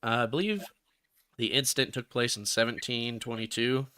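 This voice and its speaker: A man's voice: mid-range voice, moderate pace, bright, forceful tone, a little hiss or hum. A man casually retelling a folk legend as a podcast co-host, rambling with restarts. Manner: rambling storyteller with restarts, laughs into jokes. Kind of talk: casual chat.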